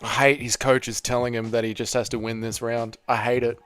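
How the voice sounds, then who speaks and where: A young man hosting a live watch party, reacting loudly to a fight, swearing and shouting at the screen. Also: medium pitch, a little fast, clear, resonant tone, faint music behind. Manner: excitable, swears a lot, yells at the screen.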